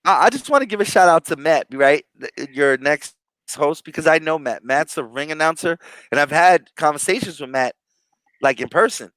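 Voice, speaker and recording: A man's voice: a little high, lively intonation, normal speed, fairly bright tone, no echo, poor audio. Joking man in casual podcast banter. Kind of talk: casual chat.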